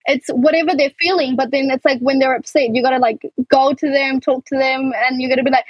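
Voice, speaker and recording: A woman's voice: sits high, steady tone, fairly quick, no echo. A young woman co-hosting a podcast in casual chat, telling stories with many fillers and restarts. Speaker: podcast co-host. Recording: dull lo-fi, dry sound.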